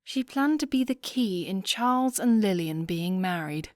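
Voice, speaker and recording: A woman narrating a romance audiobook in a calm, even storytelling manner. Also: mid-range voice, unhurried, no room sound, studio quality.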